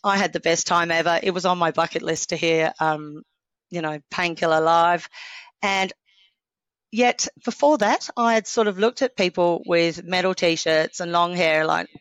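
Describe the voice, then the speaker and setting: A woman in her forties from Australia, a podcast guest telling stories in a lively, chatty way and acting out what people said. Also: lowish voice, normal speed, no echo. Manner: lively storyteller, acts out quotes. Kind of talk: casual interview chat.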